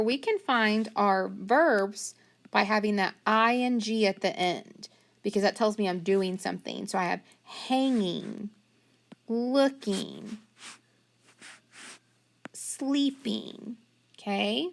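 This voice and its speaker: A woman teacher leading a phonics lesson, talking slowly and patiently and stretching out sounds and words. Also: medium pitch, gravelly.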